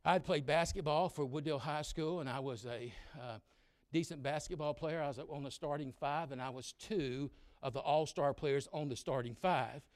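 A man's voice: a little high, no room sound. Man in his sixties preaching a sermon. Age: 60s. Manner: preaching loudly with sudden drops to quiet storytelling; acts out mumbling kids in quick asides.

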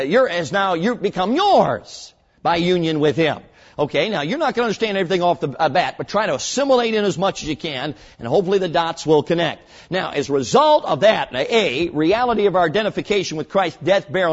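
A man preaching a sermon to young people, earnest and emphatic, slowing down to stress key words and telling stories with short acted voices. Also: high voice, husky. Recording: muffled, long hall reverb.

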